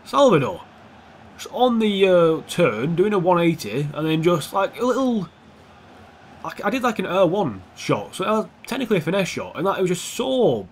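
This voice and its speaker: A young man giving casual, foul-mouthed commentary over his own football video game, switching between calm play-by-play and heated rants. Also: fairly high pitch, moderate pace, slight background noise. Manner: swears a lot, swings from calm play-by-play to heated outbursts. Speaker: gaming YouTuber.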